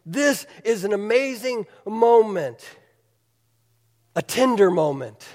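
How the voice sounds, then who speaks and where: High-voiced man preaching in a reverberant hall. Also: slow. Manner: animated storytelling, asks the audience questions. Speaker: pastor. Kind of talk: sermon.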